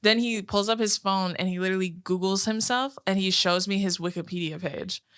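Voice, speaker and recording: Bright, smooth young woman swearing freely. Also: mid-range voice, fairly quick. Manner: swears a lot, tells stories with quoted voices. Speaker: podcast co-host. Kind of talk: casual chat.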